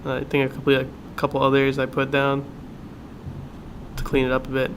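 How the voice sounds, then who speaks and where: A man's voice: mid-range voice, monotone, fairly quick, a little hiss or hum, low-quality recording. A young man co-hosting a podcast, chatting casually in a laid-back, rambling way about what he reads. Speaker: podcast co-host. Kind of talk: casual chat.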